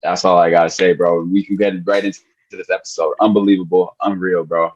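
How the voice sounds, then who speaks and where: A man co-hosting a sports podcast, emotional and excited, repeating himself and calling people bro and man. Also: low-pitched, a little fast, dull audio. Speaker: podcast co-host. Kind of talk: excited casual sports chat.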